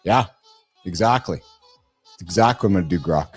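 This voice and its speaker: A man's voice: low-pitched, animated, moderate pace, husky, soft background music. A man hosting a live morning show, teasing and blunt, often repeating words as he talks. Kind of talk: casual live show chat.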